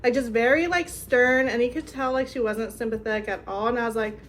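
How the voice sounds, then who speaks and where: A woman's voice: a little high, fairly quick, slight background noise. A young woman vlogger telling a story in a casual, chatty way, filling her talk with "like". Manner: chatty, lots of "like", animated retelling.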